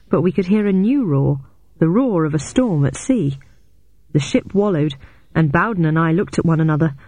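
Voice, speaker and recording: A woman narrating a novel in the first person, in a measured storytelling way. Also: no echo. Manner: measured storytelling, raises pitch sharply for shouted dialogue. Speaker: audiobook narrator.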